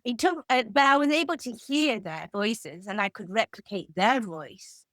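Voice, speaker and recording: An English woman in her fifties, a guest author in an interview, telling lively anecdotes. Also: on the high side, normal speed, dry recording. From England. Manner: animated anecdotal storytelling. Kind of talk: conversational interview.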